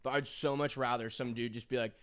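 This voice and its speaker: A man's voice: medium pitch, fairly even intonation, brisk, fairly bright tone, clear, resonant tone. Young man rambling through a funny story. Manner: rambling storytelling full of fillers and laughs. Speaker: podcast co-host. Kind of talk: casual chat.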